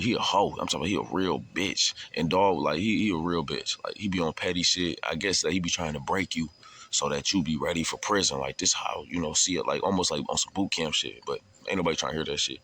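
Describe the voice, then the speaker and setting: A man's voice: sits low, sharp tone. A man telling a story in a loose, profane, casual way, laughing along as he goes.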